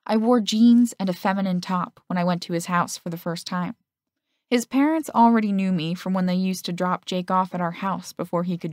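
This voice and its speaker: A woman narrating a first-person romance audiobook in a steady storytelling manner. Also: on the low side, dry recording, clean studio sound.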